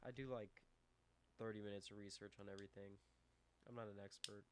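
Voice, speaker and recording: A man streaming live as he builds a model kit, talking to himself in a mumbling, self-deprecating way that trails off, on a desk mic turned down low. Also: fairly even intonation, fairly quick. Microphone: desk microphone with low gain. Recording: faint hum and buzz behind.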